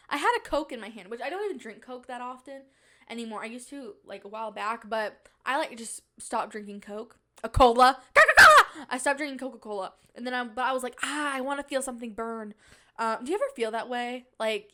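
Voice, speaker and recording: A woman's voice: a little high, a bit bright. A young woman hosting a casual solo podcast, telling rambling stories with jokey asides. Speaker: podcast host. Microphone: podcast microphone on a stand.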